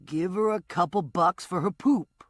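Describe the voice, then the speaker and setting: A woman's voice: lowish voice, a little slow, no room sound, studio quality. A woman voicing a brash, bossy female sidekick who talks sassy and blunt.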